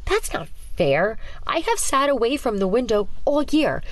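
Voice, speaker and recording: A woman's voice: fairly high pitch, measured pace, dry recording, pitched above the performer's own voice. A woman doing a bratty, boastful schoolgirl. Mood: whiny. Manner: excited, whiny and argumentative.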